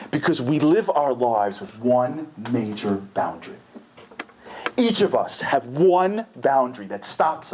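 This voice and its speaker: At a community center, a man delivers an inspirational lecture in an animated way. He acts out voices, making big jumps in pitch.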